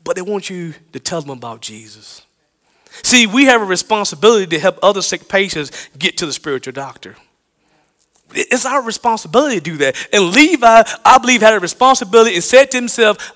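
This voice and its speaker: A man from the American South preaching a sermon, swinging between loud emphatic lines and hushed low ones. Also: lively intonation, fairly quick, long reverb tail.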